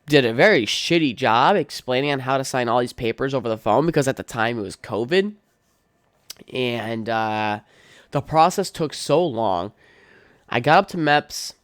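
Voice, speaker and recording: A man's voice: medium pitch, expressive, moderate pace, dry recording, clean studio sound. A young adult man hosting a podcast, ranting casually in a blunt, profane, opinionated way full of "like" and "um". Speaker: podcast host. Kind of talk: casual solo rant.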